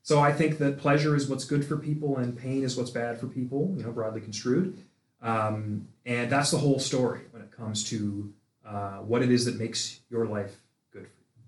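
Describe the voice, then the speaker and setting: A man's voice: medium pitch, fairly even intonation, normal speed, echoey room. A man, a philosophy teacher and podcast guest, explaining his views in a thoughtful, hesitant way with many fillers and restarts. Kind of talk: casual conversational explanation.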